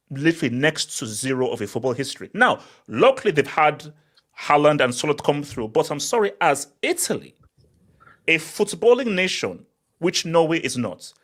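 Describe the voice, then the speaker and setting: A man hosting a casual football chat show, animated and teasing, often repeating words as he cuts in. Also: fairly high pitch.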